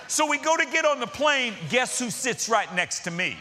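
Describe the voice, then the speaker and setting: A man's voice: very high-pitched, normal speed, few pauses, slight background noise. Guy preaching a sermon, voice jumps all over, acts out everybody in his stories. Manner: animated storytelling with voiced quotes. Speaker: pastor.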